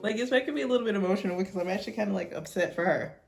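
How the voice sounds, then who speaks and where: A young woman reacting casually to a show, her voice expressive and full of emotional exclamations. She speaks at a middle pitch with faint music behind her. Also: racing, vocal fry. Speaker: reaction video host.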